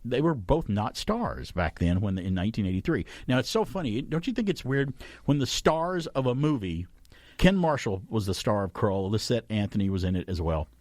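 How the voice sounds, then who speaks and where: A male radio host with a fairly low voice that rises and falls a great deal as he talks. He rambles in an easygoing way, often stopping to correct himself. The studio sound is close and dry. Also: sing-song, normal speed, a little mellow, no echo. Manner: rambling, chatty, self-correcting. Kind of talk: casual chat radio talk. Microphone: studio microphone.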